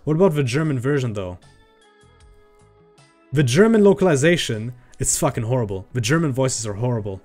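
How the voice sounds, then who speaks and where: A streamer chats casually on a livestream with faint background music, ranting profanely as he grows heated. His mid-range voice has a darkish tone and lively intonation, and he talks briskly while pausing often.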